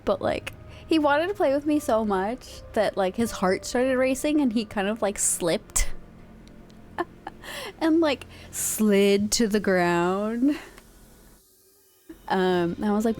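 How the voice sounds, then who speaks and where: A woman streaming live and chatting casually. She rambles from one thing to the next with light laughter, at a mid pitch. Faint music plays behind her. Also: slow, long pauses, a little mellow. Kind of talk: casual chat.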